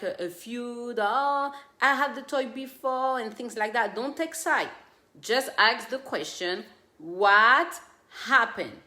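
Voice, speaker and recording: Woman host talking parenting tips, bright higher voice, echoey room. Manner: earnest, speaks directly to parents, mixes own stories with tips. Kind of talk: casual advice talk.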